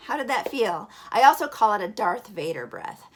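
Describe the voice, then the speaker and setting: A woman's voice: medium pitch, big pitch swings, moderate pace. A woman giving an upbeat breathing and singing lesson for children, encouraging and demonstrating as she goes. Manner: bright, encouraging, demonstrates breaths and sings alphabet. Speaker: vocal teacher for kids.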